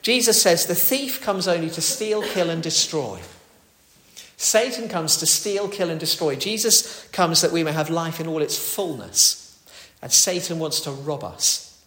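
A man delivering a sermon, talking conversationally with the odd filler and restart. His voice sits a little high for a man. The church around him makes the sound roomy and echoey. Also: expressive, measured pace, bright, forceful tone. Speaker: preacher.

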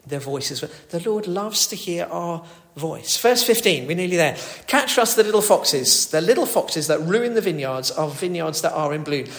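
A man delivering a sermon, talking conversationally with the odd filler and restart. His voice sits a little high for a man. The church around him makes the sound roomy and echoey. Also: expressive, normal speed, vocal fry, few pauses, a bit bright. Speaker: preacher.

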